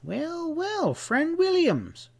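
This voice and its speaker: A man voicing an airy, high-pitched Englishman with a genteel drawl in an audiobook western. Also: huge pitch swings, very slow, vocal fry, heavily acted.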